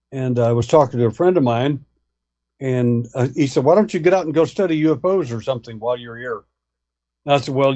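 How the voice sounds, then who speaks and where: A man's voice: mid-range voice, a little mellow, dull audio. A man telling a long story in a folksy way, acting out the people he quotes. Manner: folksy, acts out dialogue in retelling. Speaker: guest, alien abduction researcher. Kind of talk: storytelling anecdote.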